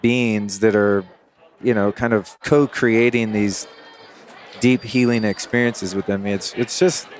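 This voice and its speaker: A man's voice: on the low side, fairly even intonation, measured pace. A man hosting a podcast, musing aloud in casual conversation and searching for his words. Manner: musing, searching for words, laughs between thoughts. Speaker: podcast host.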